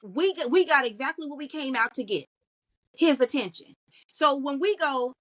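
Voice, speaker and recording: A woman, a guest in a podcast interview, talking in an animated storytelling way. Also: high voice, normal speed, rough recording. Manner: animated storytelling, acts out quoted voices. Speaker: guest, content creator.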